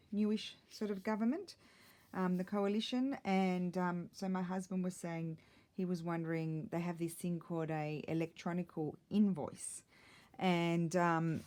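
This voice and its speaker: A woman's voice: on the low side, a little mellow, slight background noise. Chatty middle-aged woman, rambling. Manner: rambling, chatty, self-deprecating. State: a little out of breath. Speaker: crafting vlogger. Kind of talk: casual chat while crafting. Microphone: tablet camera mic.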